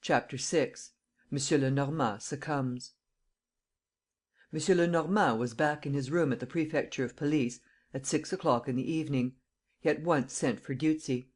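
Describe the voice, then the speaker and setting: Audiobook narrator, steady even reading, mid pitch, scripted narration. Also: normal speed.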